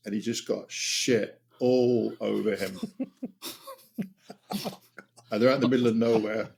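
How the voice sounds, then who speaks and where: A man's voice: lowish voice, vocal fry. A man appearing as a podcast guest, telling a story hesitantly and laughing at it. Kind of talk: casual chat.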